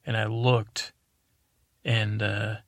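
A man hosting a podcast, telling a rambling improvised bedtime story in a meandering, deadpan way. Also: lowish voice, extremely slow, gravelly, dry recording, clean studio sound. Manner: meandering, deadpan, full of restarts. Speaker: podcast host.

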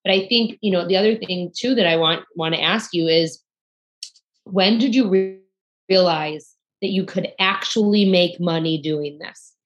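A woman hosting an interview, speaking quickly and affirming her guest, often restarting her sentences. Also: lowish voice, highs cut off. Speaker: interviewer host. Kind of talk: conversational interview.

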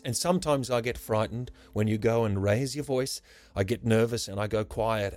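A man's voice: fairly low pitch, a little mellow. A man voicing a small, playful boy who is hurt and earnest, with a pleading, sing-song delivery in a rhyming story. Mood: complaining.

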